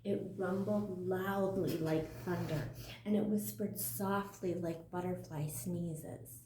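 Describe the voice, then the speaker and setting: An older woman reading a picture book aloud in a gentle, unhurried way, recorded in a roomy space from a distance. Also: lowish voice, fairly even intonation. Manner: gentle, unhurried, apologetic asides. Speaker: storyteller. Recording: roomy, distant mic, faint noise.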